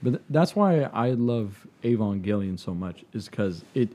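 A man chatting casually as co-host, laid-back, often trailing off quietly, with swearing. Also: on the low side, lively intonation, a little slow. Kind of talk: casual chat.

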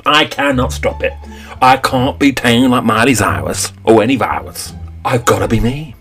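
A man voicing a stubborn, self-righteous woman author who speaks slowly and defiantly. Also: mid-range voice.

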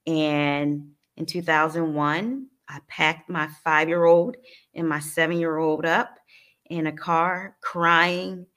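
Her voice low, level and fairly bright, a New Jersey woman shares her personal history during a conversational interview. The telling is earnest and emotional, halting, with frequent restarts.

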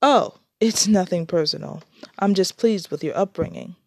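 A woman voicing a jovial older man who warmly teases his guests in a storybook reading. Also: lowish voice, normal speed, vocal fry, breathy edge, no echo, studio quality.

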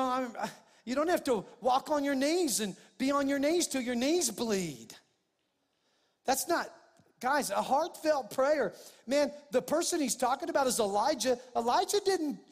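Fervent high-voiced male preacher in a reverberant hall. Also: very animated, unhurried. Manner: fervent, rising in pitch and volume when stressing points; repeats and restarts phrases, addresses listeners as "man, guys". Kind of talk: sermon.

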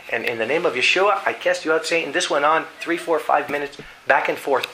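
A man preaching a sermon, telling a dramatic story in an animated way and reading scripture aloud. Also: on the high side, fairly quick, background noise. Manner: animated storytelling, acting out voices.

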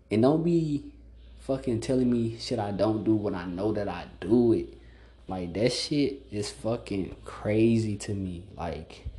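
A man's voice: mid-range voice, mellow. A man hosting a casual solo podcast monologue, blunt and profane, filling every phrase with "like.". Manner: blunt, profane, repeats "like" constantly. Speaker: podcast host.

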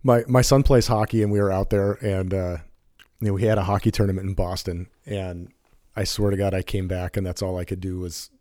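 A man's voice: sits low, steady tone, fairly quick, mellow, dry recording, clean studio sound. A middle-aged man co-hosting a podcast, joking in an easygoing way and reading a sponsor spot. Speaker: podcast co-host. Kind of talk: casual chat and sponsor read.

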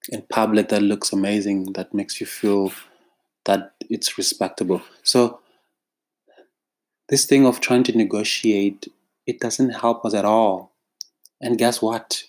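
South African male creative, direct-to-camera monologue; deliberate, exasperated delivery, low-pitched and unhurried. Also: darkish tone. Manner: emphatic, exasperated, drawn-out phrasing. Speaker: freelance creative professional.

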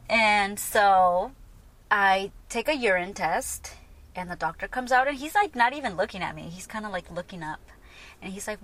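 A woman in her thirties tells her own story on her podcast, frank and conversational, with fillers scattered through her talk. Her voice sits at an ordinary middle pitch for a woman. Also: expressive, moderate pace, a bit bright. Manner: candid, chatty, full of "like" and "you know". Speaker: podcast host. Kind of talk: personal storytelling monologue.

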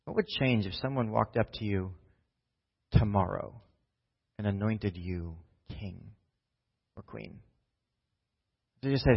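A man's voice: on the low side, takes it slowly, vocal fry, pauses often, husky. A man preaching a sermon in a casual storytelling manner, often checking in with "right?". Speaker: pastor. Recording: dull lo-fi sound.

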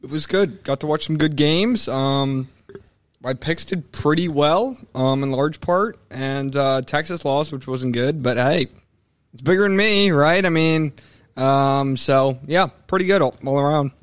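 A young man co-hosting a casual sports talk show, animated and opinionated. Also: on the high side, unhurried, no room sound. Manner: animated, opinionated, mimics coaches mid-rant. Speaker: sports podcast co-host.

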